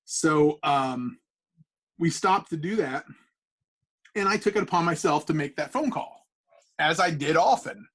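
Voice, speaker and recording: Animated high-voiced man telling a story. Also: measured pace, long pauses. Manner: animated, profane, rambling with many fillers. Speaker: comic book artist, podcast guest. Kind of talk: casual anecdote-telling.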